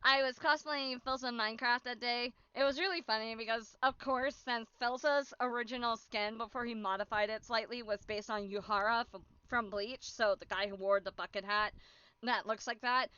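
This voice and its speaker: A woman's voice: on the high side, fairly even intonation, moderate pace, bright, forceful tone, clear, resonant tone, dry recording. A young woman streamer giving a casual, bubbly recap, giggling and acting out what people said to her. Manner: bubbly, giggly, acts out quoted exchanges. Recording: dull, lo-fi dry stream audio.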